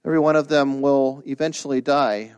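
A man preaching a sermon, animated, who acts out the quoted lines with big jumps in his voice. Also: mid-range voice, brisk, smooth, no room sound. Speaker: pastor.

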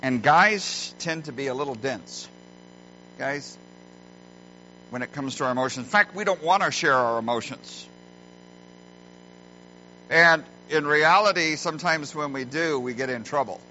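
A middle-aged man preaching a sermon as a pastor, earnest and folksy, telling stories with deliberate pauses, recorded in a church. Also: a little high, bright, forceful tone. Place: church sanctuary. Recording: muffled lo-fi recording with faint hum.

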